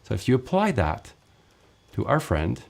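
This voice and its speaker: A man's voice: medium pitch, huge pitch swings, measured pace, creaky. A man teaching ukulele in a casual lesson, counting beats aloud while he strums and chatting between takes. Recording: ukulele playing loudly under the voice.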